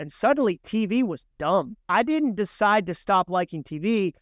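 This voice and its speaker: A middle-aged man, an author and speaker, guest on a podcast interview, explaining ideas with lively acted-out inner dialogue. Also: sits high, moderate pace, few pauses, no room sound, studio quality. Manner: animated, illustrates points with voiced inner dialogue. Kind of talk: conversational interview, storytelling with acted quotes.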